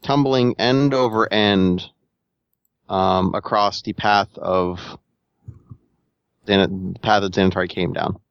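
A man narrating as game master of a tabletop game, halting and searching for words as he describes the scene. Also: deep voice, fairly even intonation, smooth, dry recording, highs cut off.

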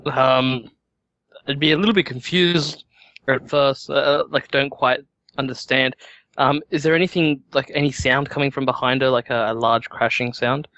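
A man's voice: mid-range voice, steady tone, normal speed, sharp tone, no echo, muffled recording. A man playing a tabletop game, hesitant and full of ums and likes. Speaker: player.

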